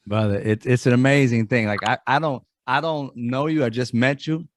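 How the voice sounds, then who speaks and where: A man's voice: medium pitch, normal speed, dry recording. A man in his fifties who hosts an interview show. He talks in a friendly, effusive way and rambles as he praises his guest. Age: 50s. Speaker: host. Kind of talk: casual interview chat.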